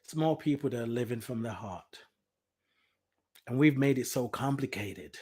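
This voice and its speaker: A podcast host runs a spiritual talk show, his voice medium in pitch, moderately paced, darkish and slightly rough. He speaks from the heart, emotional and repetitive, as he reads out comments from listeners.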